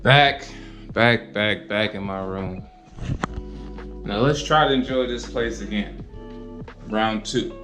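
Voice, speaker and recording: A man talking in a relaxed, chatty casual vlog. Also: lowish voice, slow pace, long pauses, over music, poor audio. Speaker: vlogger.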